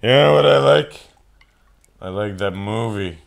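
A man in casual podcast banter, telling jokes with animated delivery and laughing mid-sentence. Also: lowish voice, measured pace, creaky. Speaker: co-host.

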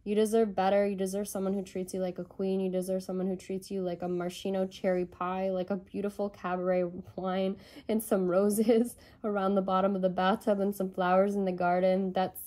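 A woman's voice: mid-range voice, little pitch movement, a little fast, warm tone. A woman giving a channeled tarot reading, rambling and tentative as she thinks aloud. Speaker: tarot reader.

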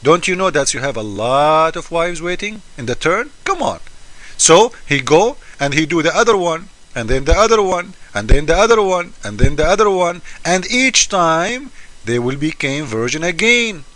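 A man's voice: fairly high pitch, sing-song, moderate pace, a bit bright. A man doing a mocking commentary, sarcastic and incredulous, often repeating words in disbelief.

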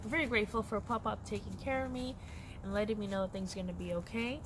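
A woman's voice: medium pitch, fairly even intonation, fast. A middle-aged woman chatting candidly in a personal crochet vlog, laughing often. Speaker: crochet vlogger. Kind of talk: casual personal vlog chat. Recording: noisy background.

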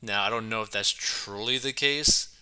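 A man's voice: on the low side, normal speed, sharp tone, clean tone. A man giving casual commentary on a news story, chatty and filling his talk with "right" and "like". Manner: chatty, keeps saying right and like. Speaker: commentary channel host.

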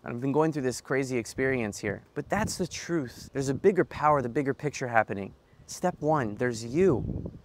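An earnest young man speaks straight to camera in a reflective, personal monologue. His voice sits at an ordinary middle pitch, and he often circles back and repeats phrases to drive a point home. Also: lively intonation, normal speed, slight background noise. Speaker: self-help vlogger.

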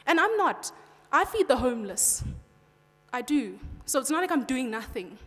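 A woman's voice: high-pitched, sing-song, moderate pace, fairly bright tone. A young woman from South Africa with a British-sounding South African English accent, giving a passionate conference speech in a direct way, often saying "you know". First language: Xhosa. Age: young adult. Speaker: student speaker. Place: large hall. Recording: long hall reverb.

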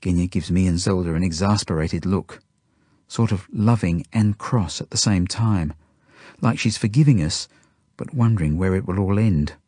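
A man reading his own novel aloud as audiobook narration, in a steady, plain first-person storytelling manner. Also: sits low, normal speed, no room sound, studio quality.

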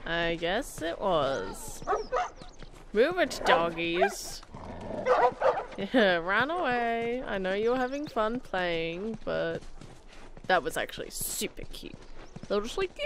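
Woman, let's-play commentary, giggly, chatty, unhurried, middle pitch. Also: very animated, a little hiss or hum. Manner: giggly, chatty, talks to the game characters. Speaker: gameplay commentator.

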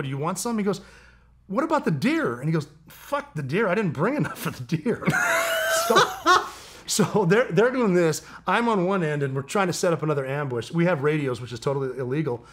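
A man as a guest on a casual interview show, spinning a long tale and laughing often. His voice sits a bit high for a man, and he jumps into quoted lines with sudden energy. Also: fairly quick, slightly rough. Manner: animated storyteller, laughs often, mimics people in quotes.

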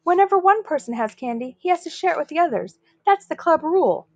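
A woman voicing a mean, sly schoolboy bully who yells and sneers. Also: sits high, lively intonation, fast, dry recording, voice pushed up. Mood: demanding. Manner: yelling, sneering, demanding.

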